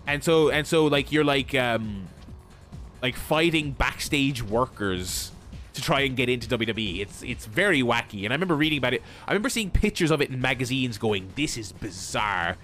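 A man giving excitable let's-play commentary, swearing freely and laughing often. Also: mid-range voice, brisk, soft background music. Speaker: gaming video host.

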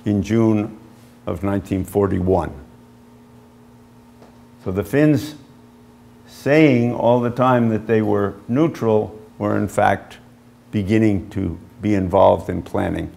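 A man, an author, giving an illustrated history lecture with measured storytelling and frequent pauses as he points to slides. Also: on the low side, gravelly, darkish tone. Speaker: author giving a book talk.

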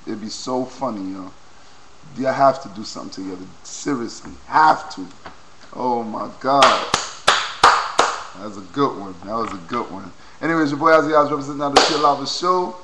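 A young man vlogging into a low-quality webcam, excitedly reacting and repeating exclamations. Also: normal speed, background noise. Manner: hyped, repetitive exclamations. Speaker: video blogger.

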